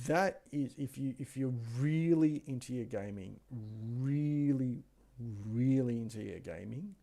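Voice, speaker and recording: Gravelly man chatting casually. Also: medium pitch, mellow. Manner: chatty, loose, trails off mid-sentence, mutters while browsing. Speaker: co-host of a PC deals show. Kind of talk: casual rambling chat with anecdotes. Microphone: gaming headset mic.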